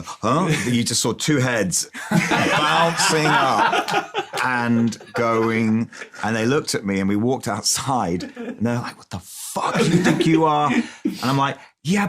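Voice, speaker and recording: A man's voice: medium pitch, slight background noise. A man being interviewed about his film work, telling loose, rambling stories in a casual chat and acting out the people he quotes. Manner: animated, acts out quoted voices, rambling restarts, frequent swearing. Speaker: film director guest. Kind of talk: casual anecdotal storytelling.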